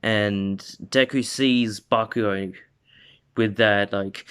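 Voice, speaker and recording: A man's voice: fairly low pitch, steady tone, takes it slowly, fairly bright tone, smooth. A man casually retelling a fan-made story, rambling with lots of "like" and restarts. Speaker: video host.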